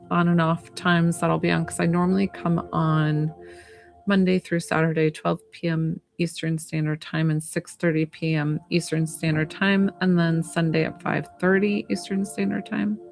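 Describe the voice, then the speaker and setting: Lady chatting on a live stream, low gravelly voice, giggly, lots of likes and ums. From United States. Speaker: psychic medium hosting a live stream. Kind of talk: casual live-stream chat.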